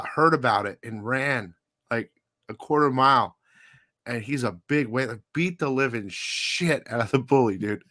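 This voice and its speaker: A man's voice: medium pitch, bright, forceful tone, no echo. A man hosting a live comic book show, telling a story casually with profanity, frequent laughs and lots of "dude".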